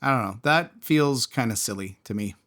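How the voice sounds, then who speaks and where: A man's voice: medium pitch, animated, normal speed, fairly bright tone. A man casually reviewing and taking apart a small fidget toy, thinking aloud as he tinkers. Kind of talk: casual product teardown.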